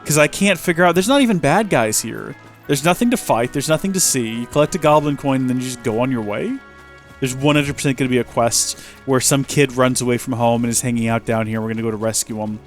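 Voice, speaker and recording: A man chatting and joking as a let's play host, rambling as he plays. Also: medium pitch. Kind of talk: gameplay commentary.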